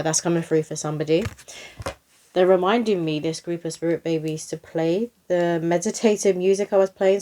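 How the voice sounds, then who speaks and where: A young woman talks through a psychic card reading. Her voice sits a little low, and her delivery is chatty and flowing. She slips into a gentle reading voice for rhyming poems. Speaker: psychic medium host.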